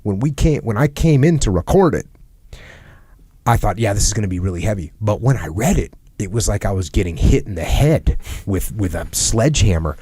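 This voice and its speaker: A middle-aged man with a fairly low voice hosts a podcast in a reflective, conversational tone. He is earnest and often repeats a phrase to drive it home. The recording is dry and close, with no room sound. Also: sing-song, normal speed, warm tone, slightly rough, no room sound. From United States. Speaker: podcast host.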